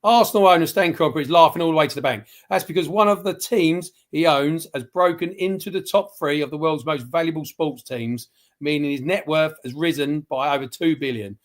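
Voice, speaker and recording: A man's voice: on the high side, a little fast. A man giving his football opinions on a casual livestream, rambling and passionate, with many restarts. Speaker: football pundit.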